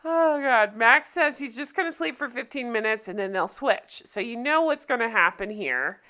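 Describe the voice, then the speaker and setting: A woman's voice: on the high side, lively intonation, moderate pace, sharp tone. A woman recapping a TV episode in a casual chat, often breaking up laughing. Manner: giggly, keeps breaking into laughter. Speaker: recap vlogger.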